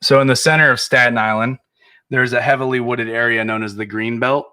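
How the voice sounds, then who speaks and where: A man's voice: medium pitch, fairly even intonation, fairly quick, pushed and bright, smooth. A man co-hosting a podcast, telling stories in a casual, profane chat. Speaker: podcast co-host.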